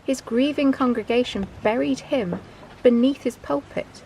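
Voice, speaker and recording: Woman co-host, expressive and giggly, higher voice, faint outdoor hiss. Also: measured pace, gravelly, low-quality recording. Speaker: walking vlog co-host. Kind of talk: casual chat on a walk. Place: outdoors on a coastal walk.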